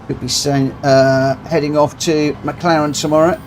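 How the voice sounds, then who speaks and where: A middle-aged man hosting a racing game live stream, chatting in a relaxed, rambling way and often repeating his phrases. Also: on the high side, unhurried, a little hiss or hum.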